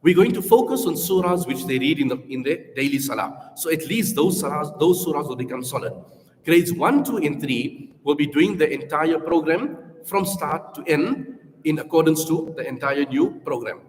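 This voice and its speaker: A man's voice: on the high side, lively intonation, normal speed. A man with a South African accent presenting a school Quran programme to parents, talking earnestly through numbered points and modelling recitation aloud. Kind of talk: information session talk to parents. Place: school hall. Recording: echoey hall reverb.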